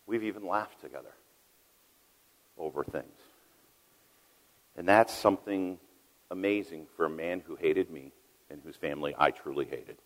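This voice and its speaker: A deep-voiced middle-aged man preaching in a big hall where his words ring out with a long echo. He tells his story with loud peaks and hushed, quiet asides, the way a pastor talks from the pulpit. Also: normal speed, long pauses. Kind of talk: sermon. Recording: long reverb of a large hall.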